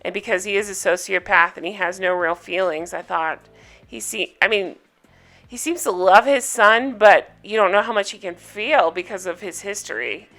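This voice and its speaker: Chatty woman with a bright voice. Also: medium pitch, moderate pace, soft background music. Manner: chatty, retelling scenes with quotes and reactions. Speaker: TV show recapper. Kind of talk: casual episode recap.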